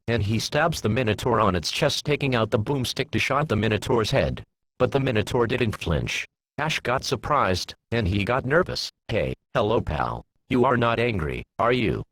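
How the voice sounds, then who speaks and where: A man reading a fan story aloud, giving the characters lowered voices. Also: fairly bright tone, poor audio. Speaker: fan fiction reader.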